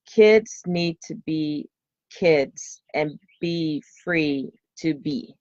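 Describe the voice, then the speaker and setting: A woman's voice: low-pitched, drawn-out words, a little mellow, dry recording, lo-fi sound. A woman hosting a podcast, talking in an earnest, heartfelt way and searching for words with many fillers. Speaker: podcast host and homeschooling mother. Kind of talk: unscripted podcast monologue.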